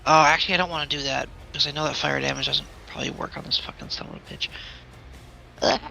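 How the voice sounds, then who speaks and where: Bright gravelly man joking through a game. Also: a little high, fairly even intonation, quick pace, soft background music, low-quality recording. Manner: swears freely, joking and self-mocking. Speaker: player. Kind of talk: casual game chat.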